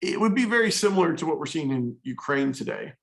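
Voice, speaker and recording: Gravelly-voiced male history teacher. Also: fairly high pitch, sing-song, fast, poor audio. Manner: casual, storytelling, conversational. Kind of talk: classroom lecture.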